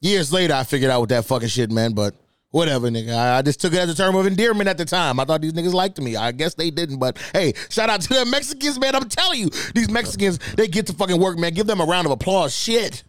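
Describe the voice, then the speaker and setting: A young man hosting a podcast, telling stories in a profane, animated, casual comedic way, jumping higher in pitch when outraged. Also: quick pace, no room sound, studio quality. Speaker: podcast host.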